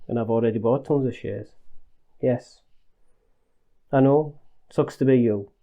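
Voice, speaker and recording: A man voicing a boastful factory owner chatting on the phone, with a deliberately put-on regional accent and breezy, cheeky banter. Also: a little high, big pitch swings, narrow, tinny audio, pitched above the performer's own voice. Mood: smug.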